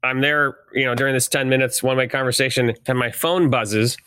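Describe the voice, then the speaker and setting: Man, middle-aged, retired negotiator, relaxed storytelling, dry close sound. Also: medium pitch, fairly quick, clear, resonant tone, no room sound. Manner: chuckles often while telling stories. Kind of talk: conversational storytelling.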